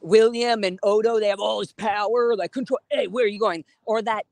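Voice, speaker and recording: A woman live-streaming outdoors, chatting casually in a rambling, animated way and swearing freely. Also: mid-range voice, a little fast, dry recording. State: hot and sweating. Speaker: livestreamer. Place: outdoors on a city street.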